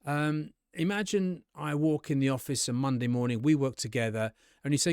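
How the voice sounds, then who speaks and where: A man's voice: moderate pace, clean tone, dry recording. Dry-sounding male English teacher. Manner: conversational, acts out sample dialogues with bright jumps in pitch. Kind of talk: casual spoken lesson to camera.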